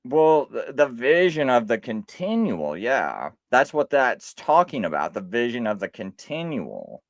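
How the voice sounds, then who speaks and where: A man hosting a live stream, talking casually and insistently, with halting restarts as he argues a point. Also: mid-range voice, wildly swooping pitch, no echo.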